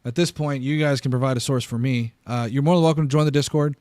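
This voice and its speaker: A man's voice: medium pitch, fairly even intonation, quick pace, a little mellow, no echo. A man hosting a political commentary stream, arguing emphatically with frequent restarts. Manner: argumentative, emphatic, restarts and stammers. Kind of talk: casual reaction commentary.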